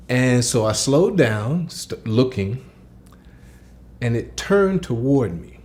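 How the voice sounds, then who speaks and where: A man telling a creepy story from his childhood in a conversational way, dropping to a hush in the tense moments. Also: mid-range voice, a little slow. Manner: conversational, hushed in tense parts, excited when recalling being disbelieved.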